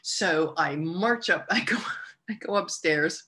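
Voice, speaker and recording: A woman telling a personal story in a casual, animated way, full of "like" and restarts. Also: fairly low pitch, slow. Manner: laughs through the telling.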